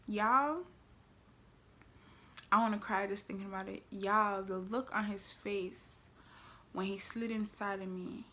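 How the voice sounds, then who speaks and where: A young woman vlogger with a mid-range voice tells her viewers a frank storytime in casual slang. She swings between loud exclamations and hushed asides.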